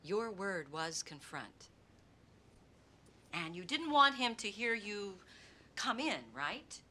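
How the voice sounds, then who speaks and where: A woman's voice: mid-range voice, very animated, slow pace, bright, forceful tone, heavily acted. An actress playing a female prosecutor cross-examining a defendant with pointed, probing questions in a TV movie courtroom drama. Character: sharp, relentless female prosecutor.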